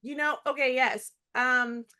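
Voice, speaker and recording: A comedic actress in her thirties, chatting as an interview guest in an animated way, with frequent laughter and quick restarts. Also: sits high, clean tone. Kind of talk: casual interview chat. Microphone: video call.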